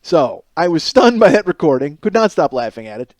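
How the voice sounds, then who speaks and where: Incredulous ranting man, fairly high voice. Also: very animated, a little fast, a little mellow. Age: 40s. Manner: incredulous profane ranting, shifting to rambling storytelling. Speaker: podcast host. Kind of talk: solo comedic monologue.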